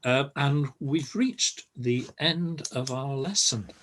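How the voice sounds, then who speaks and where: Older male teacher on a video call, unhurried and hesitant, mid-pitched voice. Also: noisy background. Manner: patient, halting explanations with many pauses. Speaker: language teacher. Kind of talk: online group lesson.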